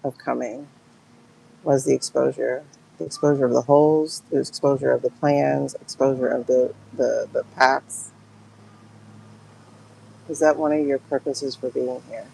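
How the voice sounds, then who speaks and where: A woman's voice: extremely low pitch, fairly even intonation, measured pace, vocal fry, pauses often, mellow, a little hiss or hum, poor audio. A woman giving a livestream tarot and pendulum reading, talking to her viewers in an emotional, exclaiming way.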